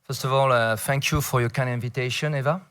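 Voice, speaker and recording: A middle-aged man from France with a French accent, speaking English as a second language and giving a conference talk, halting, with many fillers and playful asides. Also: medium pitch, steady tone, a bit bright, clean tone. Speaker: federation director addressing a round table. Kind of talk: conference speech.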